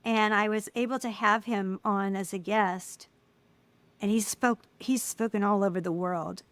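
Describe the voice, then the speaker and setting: A middle-aged woman speaking as an interview guest, telling personal stories in an animated way and acting out the voices of people she quotes. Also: mid-range voice, measured pace, smooth, dry recording. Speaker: guest, filmmaker. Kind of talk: casual interview conversation.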